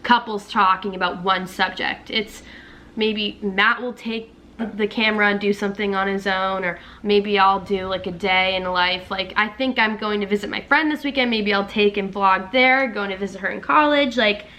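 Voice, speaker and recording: Chatty young woman with a bright voice. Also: mid-range voice, fairly even intonation, moderate pace. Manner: chatty, heavy on filler words. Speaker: vlogger. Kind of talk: casual couple chat. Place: home, with a pet dog.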